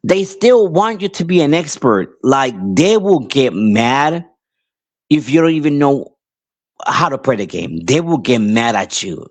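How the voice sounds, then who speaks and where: A man who grew up between Puerto Rico and New York, hosting a podcast and telling a rambling casual story with many restarts and animated outbursts. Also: mid-range voice, measured pace. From Puerto Rico, raised in New York. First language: English. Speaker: podcast host.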